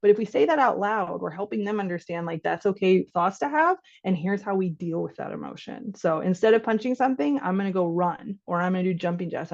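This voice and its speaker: A woman physician in her thirties giving a conversational workshop talk to caregivers, lively and laughing as she acts out parent and child exchanges. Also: medium pitch. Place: online workshop. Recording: slightly dull lo-fi audio.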